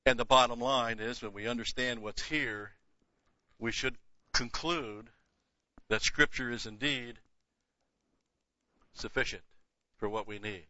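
A man's voice: medium pitch, a little slow, long pauses, sharp tone, dry recording. An older man giving a Bible teaching lecture, emphatic, repeating key words and dropping casual asides. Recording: dull lo-fi dry recording.

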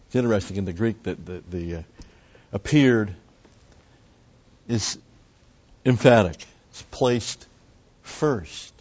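A man's voice: lowish voice, slow pace, pauses often, darkish tone. A man preaching a methodical Bible teaching, explaining Greek words and repeating key terms. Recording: dull lo-fi recording.

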